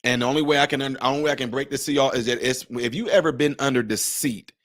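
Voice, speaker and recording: A man's voice: mid-range voice, fast talker, a bit bright, no room sound, studio quality. A man in his forties hosting a live stream, giving impassioned, preachy commentary full of rhetorical questions. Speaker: livestream host and commentator.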